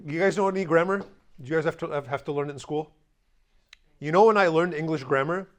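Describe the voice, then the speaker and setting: A man teaching a language class, explaining grammar in a conversational way and slowly repeating example words. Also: a little high. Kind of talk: classroom lesson.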